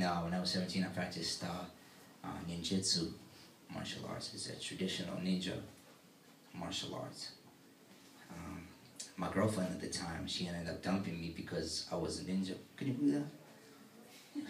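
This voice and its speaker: A man doing stand-up comedy in a workout room, soft-spoken and quizzing the audience. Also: low-pitched, a little hiss or hum. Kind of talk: stand-up comedy with crowd work. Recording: echoey room from a distant mic.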